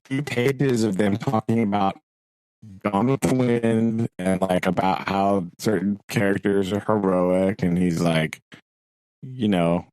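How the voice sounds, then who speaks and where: A man's voice: fairly low pitch, clear, resonant tone, no room sound, poor audio. Man chatting animatedly about a book. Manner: animated, laughs often, quotes characters. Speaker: podcast co-host. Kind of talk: casual book discussion.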